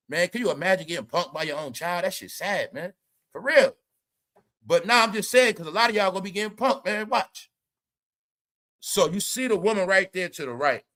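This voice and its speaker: High-voiced animated male commentator. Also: brisk. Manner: animated, profane, rambling. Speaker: commentary show host. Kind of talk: casual reaction commentary.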